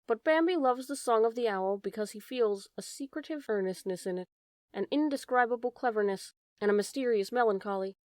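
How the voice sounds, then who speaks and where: A woman narrating a storybook in a calm, measured way. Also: on the high side, dry recording. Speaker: audiobook narrator. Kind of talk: storybook reading.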